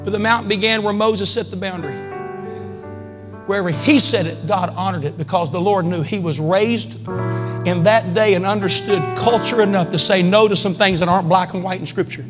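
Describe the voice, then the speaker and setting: A man preaching a sermon as pastor, emphatic, swinging between loud calls and quiet asides. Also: sits high, normal speed, big-room sound, over music. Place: church sanctuary.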